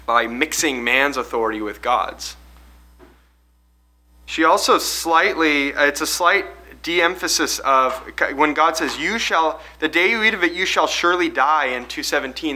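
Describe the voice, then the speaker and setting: Man, Bible study leader, very bright voice, slightly high pitch, questioning and explanatory. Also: poor audio. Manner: questioning, explanatory, restarts phrases. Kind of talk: leading a group Bible study.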